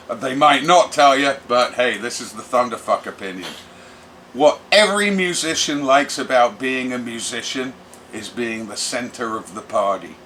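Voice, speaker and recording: A middle-aged man, a rock musician telling stories in a brash, animated interview. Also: medium pitch, slight background noise. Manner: brash, animated, does voices for quoted people. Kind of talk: casual storytelling interview.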